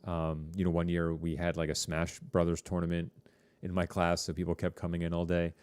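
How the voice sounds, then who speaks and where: A man teaching a high school TV production class, chatting casually to students on a live stream with lots of fillers and rambling asides. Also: completely flat delivery, a little fast, a little mellow, clean tone, dry recording.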